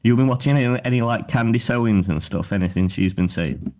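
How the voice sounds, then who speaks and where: Low-voiced laid-back man. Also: brisk, a little mellow. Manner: laid-back, agreeing, laughs often. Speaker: co-host. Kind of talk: livestream chat.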